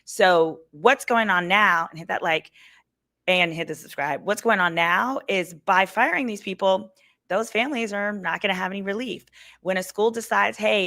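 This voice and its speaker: A woman's voice: fairly low pitch, bright, forceful tone. A woman attorney hosting a casual legal commentary stream from a hotel room, chatting with viewers and calling them y'all. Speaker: attorney and show host.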